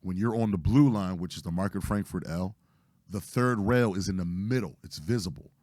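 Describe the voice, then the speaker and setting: A hoarse man, telling a story casually as podcast host, animated and profane, acting out what people said. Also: low voice, moderate pace, no echo, studio quality. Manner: animated, profane retelling with acted-out quotes.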